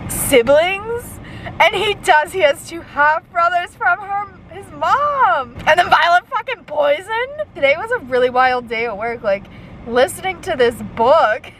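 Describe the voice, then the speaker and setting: A young woman vlogging casually about her reading, gushing and excited, sometimes dropping to a whisper. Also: sits high, a little hiss or hum, low-quality recording. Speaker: book vlogger. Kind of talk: casual reading vlog chat.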